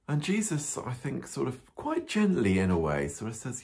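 A priest telling a Bible story to children, animated and full of questions, with frequent ums. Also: male voice, mid-range voice, moderate pace, hardly any pauses. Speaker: parish priest.

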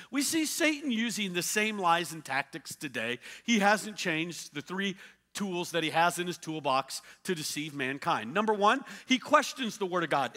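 A man's voice: sits high, moderate pace, in a large hall. A man preaching a sermon as pastor, telling stories animatedly and acting out the quotes. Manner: animated storytelling with acted-out quotes. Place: church.

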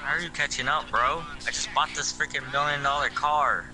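A man's voice: a little high, steady tone, brisk, music in the background. A young man bantering in group voice chat while gaming, playfully scolding the others.

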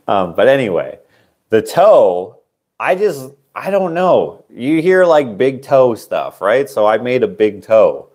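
A man's voice: mid-range voice, very animated, slow pace, pauses often, darkish tone. A man casually auctioning his own handmade sculptures on a livestream, rambling and self-deprecating, trailing off with fillers.

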